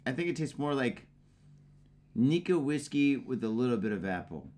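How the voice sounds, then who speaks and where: A man co-hosting a boozy chat show, already tipsy. His voice is lively and rides up and down freely. He talks in loose, profane, chuckling banter. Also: medium pitch, normal speed. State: tipsy from drinking. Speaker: podcast co-host. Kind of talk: casual drinking-show banter.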